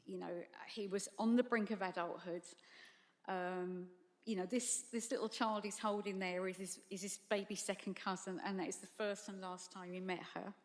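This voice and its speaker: A woman's voice: medium pitch, steady tone. Tearful mother in a hall. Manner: halting, apologetic, tearful at times. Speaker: bereaved mother giving testimony. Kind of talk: emotional public testimony. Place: large hall at a public tribunal. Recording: long hall reverb.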